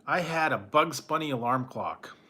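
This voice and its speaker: This food reviewer, reading his live chat, has a husky mid-range voice with a sharp tone and talks animatedly at a normal speed. His casual chat rambles nostalgically, often trailing off before he starts again, with frequent chuckles.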